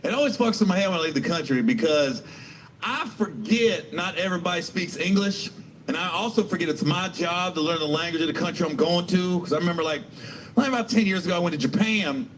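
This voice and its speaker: A man's voice: high-pitched, a little fast, slight background noise, rough recording. A middle-aged male stand-up comedian telling profane, rambling stories full of restarts.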